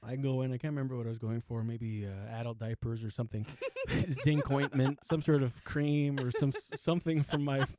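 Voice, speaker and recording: A man's voice: mid-range voice, fairly even intonation, brisk, hardly any pauses, a little mellow. A man in his forties telling a comic story, rambling and self-mocking, with lots of restarts and asides. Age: 40s. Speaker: comedian host. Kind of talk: comedic storytelling monologue.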